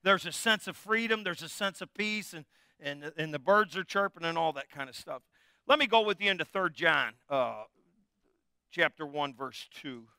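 Bright, high-voiced man preaching a sermon. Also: lively intonation, moderate pace, creaky, clear, resonant tone, dry recording, studio quality. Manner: conversational, jokey preaching with call-and-response. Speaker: pastor.

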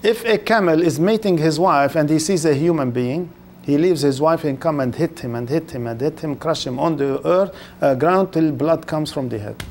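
An older man with a slightly high voice and a lectures a live audience. He keeps throwing rhetorical questions at the listeners and stretches words out for emphasis. Faint room ambience sits behind him. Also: moderate pace, a little hiss or hum. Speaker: Islamic lecturer.

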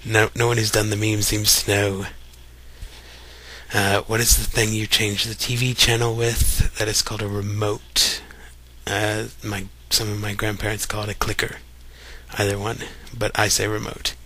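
A man's voice: lowish voice, moderate pace. A young man from Kentucky with a light Kentucky accent, chatting casually and reading a word list aloud for a voice meme. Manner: relaxed, chatty, reads words one by one.

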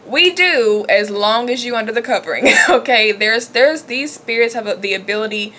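A woman talks to her viewers in a loose, emphatic way, leaning hard on her points. Her tone is bright and forward. A faint hiss sits under the recording. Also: on the high side, normal speed. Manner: animated, emphatic, chatty with laughs. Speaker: religious vlogger. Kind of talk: casual spiritual talk to camera.

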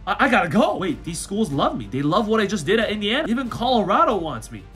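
A young man runs hyped, slangy commentary over a football game, often breaking into shouts. His voice sits high and sounds bright and forceful. Faint game music plays behind him. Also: big pitch swings, quick pace. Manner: hyped, jokey, shouts often, slangy with "you know what I'm saying". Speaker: gaming YouTuber. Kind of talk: energetic gameplay commentary.

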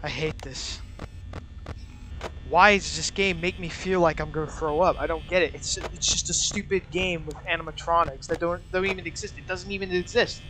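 Jittery high-voiced young man gaming. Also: steady tone, moderate pace, background noise. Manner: jittery, talks nonstop from fear, swears and mutters. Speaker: gaming channel host. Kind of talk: nervous let's-play commentary. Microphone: wearing a mask over the mouth.

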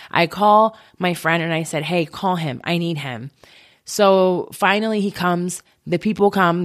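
A woman in her thirties candidly telling a personal story, halting and emotional as she recounts it. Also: lowish voice. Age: 30s.

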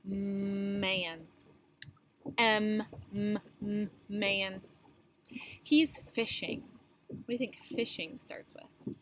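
A woman teaching young children the beginning sounds of words, slowly sounding out each letter and praising them. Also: mid-range voice, steady tone, a little hiss or hum, rough recording. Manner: slow, encouraging, sounds out letters. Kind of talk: phonics lesson for young children.

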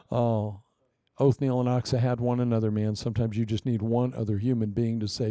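A middle-aged man preaching a sermon as pastor, joking, with loud declarations and quiet asides. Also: mid-range voice, moderate pace, long pauses, dry recording, studio quality. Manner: lively, joking, swings between loud proclamations and quiet asides.

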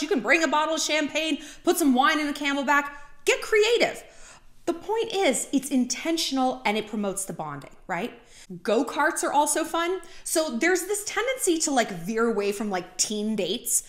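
Animated chatty woman vlogger, roomy room. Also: high voice, normal speed. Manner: talkative, heavy use of "like", animated asides. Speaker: vlogger giving dating advice. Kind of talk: casual chatty monologue. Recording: roomy echo.

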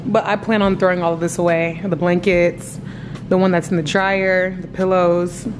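A young woman, chatting excitedly to her viewers in a casual home vlog filmed on a phone. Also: on the low side, moderate pace, noisy background. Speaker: vlogger.

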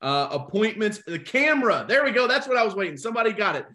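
Animated man coaching a live webinar. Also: high voice, fast. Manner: energetic, animated, talks to the chat.

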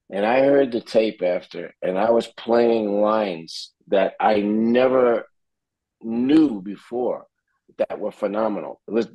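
A man from New Jersey, a guest musician in an interview, telling an animated story and acting out what others said. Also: lowish voice, no room sound, poor audio. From New Jersey, USA. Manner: animated storyteller who acts out quotes.

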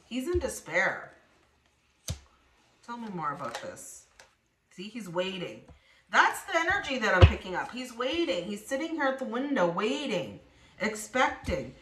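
A woman's voice: a little high, big pitch swings, measured pace, long pauses, background noise. Woman doing a tarot reading in an echoey room. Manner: acts out quoted voices, talks straight to viewers. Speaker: tarot reader. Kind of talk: spoken tarot reading to viewers.

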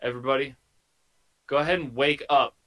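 A man's voice: medium pitch, fairly even intonation, brisk, pushed and bright, rough recording. A man moderating a party game over a video call, playful and theatrical, drawing out his announcements.

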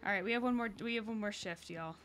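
A woman's voice: medium pitch, quick pace, background noise. A woman streaming a cooking game, talking to herself in casual, exasperated commentary and swearing when things go wrong.

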